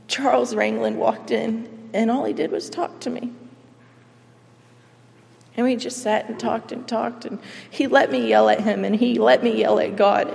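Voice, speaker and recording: A woman's voice: on the high side, steady tone, creaky, darkish tone. Earnest woman in a reverberant hall. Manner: earnest, emotional, halting with pauses. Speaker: testimony speaker. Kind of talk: personal faith testimony. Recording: long reverb, as in a large hall.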